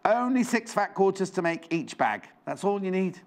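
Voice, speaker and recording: A man's voice: high-pitched, sing-song, moderate pace. A man presenting a live shopping show in a studio, chatty and rambling with jokey asides.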